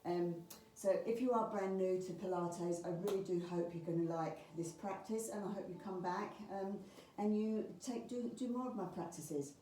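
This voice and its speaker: A Pilates instructor leads a beginners class, calmly cueing each movement step by step with the occasional filler word. Her mid-range voice moves at normal speed, picked up by a camera across the room with roomy, faint ambience and slight background noise.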